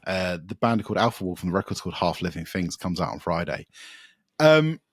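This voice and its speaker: A man's voice: low-pitched, big pitch swings, fairly quick, no echo, clean studio sound. A man co-hosting a podcast, chatting casually and enthusiastically about metal records, rambling with fillers and swearing. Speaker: podcast co-host.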